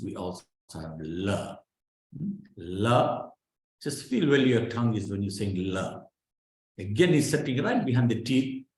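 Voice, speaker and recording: Slow, echoey man teaching. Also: medium pitch, a little mellow. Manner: patient, drills syllables aloud, keeps checking with "right?". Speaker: Sanskrit pronunciation teacher. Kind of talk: online class instruction. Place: online class over a video call. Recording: very echoey room sound.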